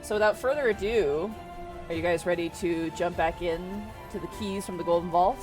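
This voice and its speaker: A woman's voice: on the low side, moderate pace, over music. A woman running a tabletop game as game master, narrating in a chatty way full of "kinda" and "like".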